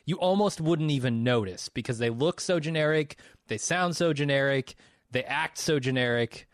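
A man's voice: a little high, normal speed, dry recording, studio quality. A man co-hosting a casual film review podcast, wry and opinionated. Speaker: podcast co-host. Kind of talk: casual movie review chat.

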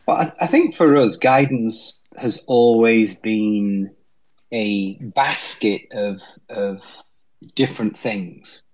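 Lowish-voiced British pastor, hesitant. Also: male voice, slow, a little mellow, rough recording. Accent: British English. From England. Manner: hesitant, with many restarts. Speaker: staff pastor. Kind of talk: conversational interview.

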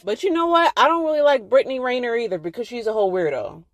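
A woman's voice: fairly high pitch, animated, fast talker, no echo. Woman guest, outspoken, profane, dry close mic. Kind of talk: casual chat.

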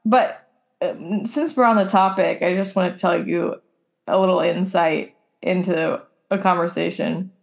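A woman's voice: lowish voice, steady tone, a little slow, creaky. A young woman co-hosting a podcast in casual conversation. She rambles through her thoughts, leaning on lots of filler words. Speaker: podcast co-host. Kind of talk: casual chat.

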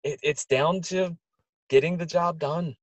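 A man's voice: on the high side, measured pace, no room sound, highs cut off. A man co-hosts a casual soccer podcast, offering blunt takes on the teams. He often repeats a word or two before landing his point, and the recording sounds dry and close. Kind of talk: casual sports analysis.

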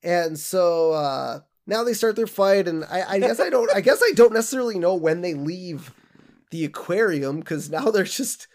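Guy on a podcast gushing about a cartoon episode, kinda high voice, acts out the scenes. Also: expressive, moderate pace, darkish tone. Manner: enthusiastic, quotes scenes in put-on voices. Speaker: podcast co-host. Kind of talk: casual chat recapping a cartoon episode.

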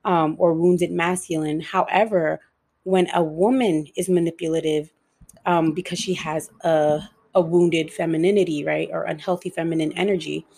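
Young woman, low husky voice with gravel, candid and emotional monologue, swears freely. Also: steady tone, a little mellow. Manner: frank and emotional, swears freely, speeds up and slows down.

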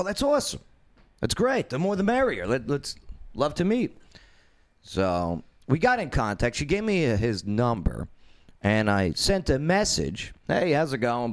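A man hosting a casual talk show, telling a long story loosely with lots of fillers. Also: mid-range voice. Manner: rambling storyteller with many fillers, lively intonation. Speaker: podcast host.

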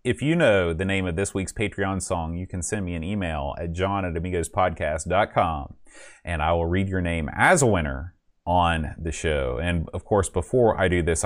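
A man hosting a casual podcast, rambling and self-mocking as he thanks supporters. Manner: rambling and self-mocking, sings patron names in a high put-on voice. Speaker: podcast host. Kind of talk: casual podcast chat, singing a list of names.

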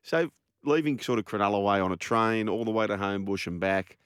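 An Australian man hosting a sports radio show, telling stories in an animated, chatty way. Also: fairly low pitch, brisk, smooth, no room sound, clean studio sound. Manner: animated storyteller, laughing. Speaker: radio host.

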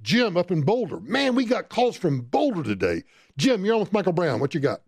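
A middle-aged man hosting a call-in radio show, talking in an excitable way and often stammering as he repeats words. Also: high-pitched, a little fast, slightly rough, no echo. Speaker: radio talk show host. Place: radio studio. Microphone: studio microphone.

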